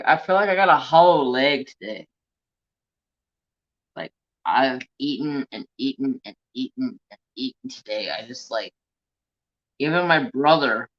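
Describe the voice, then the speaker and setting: A man from California rambles casually to his stream viewers, joking with himself and slipping into a Southern-tinged drawl. His pitch sits in the middle, and the sound comes through dull and lo-fi. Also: a bit bright. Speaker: craft channel host. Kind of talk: casual live-stream chat.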